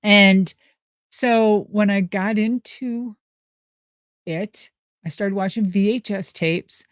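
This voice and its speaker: A woman from Minnesota spins a casual story with loose, salty energy and easy laughs. Her voice sits at a middle pitch and comes through a dry, close mic with no room sound. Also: slow, dry recording. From Minnesota, USA. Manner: lively, profane, laughs often. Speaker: guest answering live questions.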